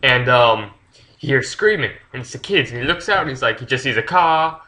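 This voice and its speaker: A man's voice: mid-range voice, lively intonation, fairly quick, bright, forceful tone, poor audio. A man casually retelling a story's plot for a book review, rambling with lots of fillers and swearing freely.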